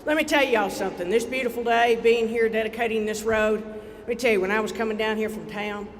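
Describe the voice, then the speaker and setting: A state legislator with an Eastern Kentucky accent giving a heartfelt, folksy dedication speech to a crowd at an outdoor ceremony. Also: male voice, sits high, steady tone, fast. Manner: folksy, heartfelt, rising to rallying cries. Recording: reverberant PA with crowd and background noise.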